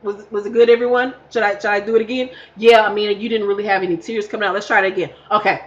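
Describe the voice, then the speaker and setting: A woman's voice: medium pitch, fairly even intonation, quick pace, dull audio. A woman recapping a reality show in a casual vlog, sassy, blunt and full of profanity. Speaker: reality TV reviewer.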